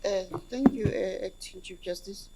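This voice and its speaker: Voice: medium pitch, normal speed, heavy background noise. A South African commissioner questioning a candidate, hesitant and repeating words before pressing the point. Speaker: commissioner on interview panel.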